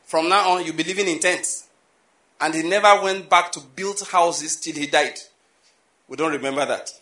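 Bright-voiced preacher, echoey hall. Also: male voice, on the high side. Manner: animated, repetitive preaching with rhetorical questions. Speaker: pastor. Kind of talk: sermon.

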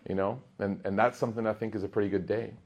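Guy in his 30s giving a chatty religious talk, lowish voice, kinda dull lo-fi sound. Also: fast talker. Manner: storytelling, jokey, animated, rising loud in funny bits. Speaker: religious teacher. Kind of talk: casual talk to a gathering.

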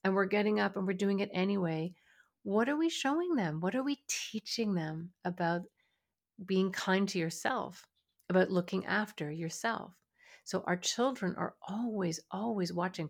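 A woman hosting a parenting podcast, speaking earnestly and often acting out what a parent might say to a child. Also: mid-range voice. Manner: earnest, acts out parent dialogue. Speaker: podcast host and parenting coach. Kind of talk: motivational podcast talk.

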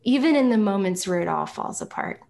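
A middle-aged woman, a singer-songwriter guest on a podcast, telling her personal testimony in an earnest, reflective way and slowing down on key phrases. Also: medium pitch, animated, gravelly, a little mellow.

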